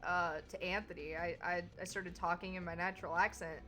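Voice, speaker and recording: A woman streamer from Kentucky chatting casually, with a slight stutter and quick restarts. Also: on the low side, fairly even intonation, sharp tone, faint music behind. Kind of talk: casual chat.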